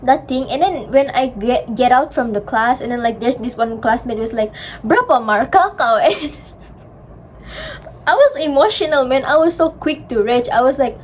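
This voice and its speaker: A woman's voice: sits high, lively intonation, moderate pace, slight background noise. A young woman with a Malaysian English accent, telling a personal story in a casual vlog, her voice a little strained and dry, mixing in Malay words and acting out what she once said. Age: young adult. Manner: chatty, mixes in Malay words, acts out her own past outbursts. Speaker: university student vlogger.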